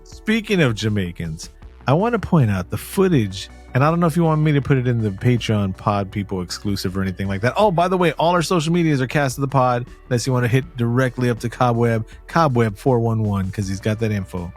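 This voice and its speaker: A man hosting a podcast, joking and teasing as he goes. He sometimes stops to plug the show's social media. His voice sits at an ordinary middle pitch, with faint music behind him. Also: lively intonation, fairly quick. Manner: joking, teasing, and plugging the show. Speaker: podcast host. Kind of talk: casual chat.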